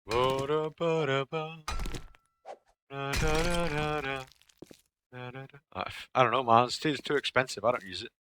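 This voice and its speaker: A man's voice: medium pitch, fast, few pauses. A man casually commenting while he plays a survival game, muttering to himself and humming between remarks. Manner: talks to himself, mutters and hums. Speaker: gamer. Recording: noisy game audio behind.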